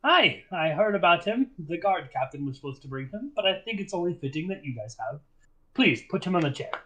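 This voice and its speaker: A man's voice: on the high side, sing-song, a little fast, fairly bright tone, pitched above the performer's own voice. A man voicing a polite but cruel male wizard who questions a prisoner with cold courtesy. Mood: courteous. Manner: courteous, coldly menacing.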